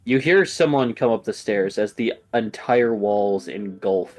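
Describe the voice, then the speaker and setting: A man's voice: fairly low pitch, darkish tone. A man narrating a tabletop game as game master, talking casually with fillers. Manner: casual, halting, with fillers and restarts.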